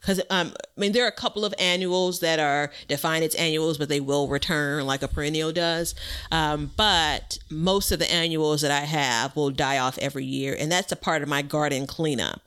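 A woman's voice: low voice, moderate pace, fairly bright tone, smooth. A woman hosting a gardening podcast, chatty and laughing often as she explains tips. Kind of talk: casual chat.

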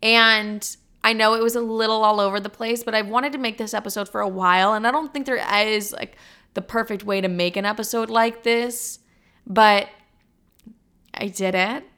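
A young woman in her twenties wraps up her solo podcast in a loose, chatty ramble, swearing freely and wandering off on tangents. Her voice is bright and crisp, with a smooth, clear tone. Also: mid-range voice, steady tone, normal speed. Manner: chatty, profane, rambling asides. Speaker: podcast host. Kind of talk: casual solo podcast outro.

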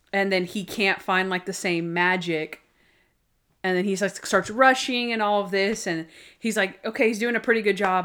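A woman in casual chat, excitedly retelling a favorite TV episode and acting out its lines with frequent laughter. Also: medium pitch, clear, resonant tone. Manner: animated, laughing storyteller acting out quotes.

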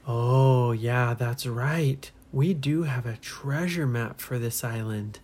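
A woman doing a calm, husky boy adventurer. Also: a bass voice, slow pace, heavily acted. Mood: casual. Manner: calm, cautious, often whispering. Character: young boy adventurer, steady leader.

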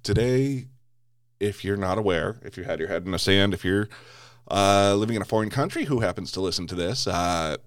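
A man's voice: deep voice, fairly quick, no room sound, clean studio sound. A man hosting a podcast, delivering an angry political rant full of swearing and stumbling restarts. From United States. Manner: heavy swearing, repeated restarts.

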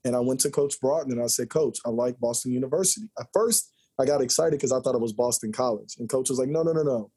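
A man in his forties tells stories from his playing days as a podcast guest, lively and joking. His voice is husky and mellow, never sharp. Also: mid-range voice, quick pace, hardly any pauses. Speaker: podcast guest, former college basketball player. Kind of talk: storytelling interview chat.

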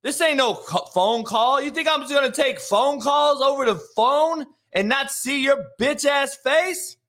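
Man, high voice, bright and forceful, combative profane rant, live sports talk host. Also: a little slow. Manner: profane, combative, shouting rants. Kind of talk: ranting live show monologue.

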